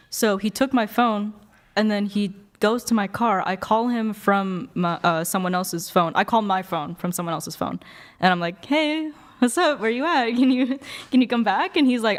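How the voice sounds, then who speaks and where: Young woman guest rambling thru a story, lots of likes and ums, swears a bunch. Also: medium pitch. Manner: rambling, swears freely, many fillers. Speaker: panel guest. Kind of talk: casual storytelling.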